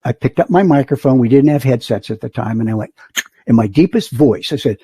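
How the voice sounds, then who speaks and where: A man's voice: medium pitch, moderate pace, breathy edge, dry recording. An older man, a flight instructor, telling stories as a podcast guest and acting out the voices of the people in them. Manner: animated storyteller, acts out the voices of others. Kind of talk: storytelling in a podcast interview.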